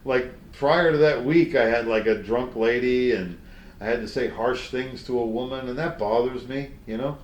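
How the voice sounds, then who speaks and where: A man's voice: mid-range voice, normal speed, roomy sound, a little hiss or hum. A man, a comedian guest in an interview, telling old jokes in a folksy way and slipping into character voices. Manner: folksy joke-teller, slips into character voices.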